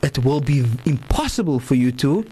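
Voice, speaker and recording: A man hosting a radio talk show, animated and repetitive, often checking in with "right?". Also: mid-range voice, moderate pace, a little hiss or hum. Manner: animated, repeats words, asks "right?" often.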